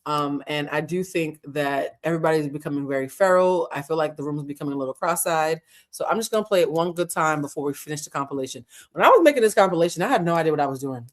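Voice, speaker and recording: A woman's voice: low voice, lively intonation, quick pace, hardly any pauses. A woman hosting a casual livestream, chatty and laughing often, with a Black way of talking and easy swearing. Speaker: host.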